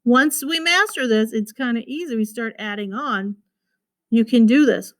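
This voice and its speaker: A woman's voice: on the high side, normal speed. A woman teacher giving a recorded phonics lesson to children, patiently repeating words and sounding out their syllables.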